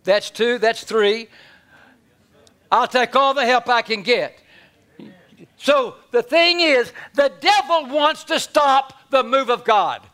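A man preaching a sermon in a folksy, animated way, swinging from loud to hushed. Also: very high-pitched, takes it slowly, clean tone.

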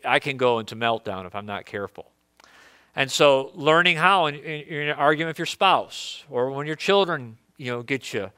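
A man's voice: medium pitch, pushed and bright, smooth, no echo, clean studio sound. A man preaching a sermon in an earnest, conversational way, often restarting his phrases.

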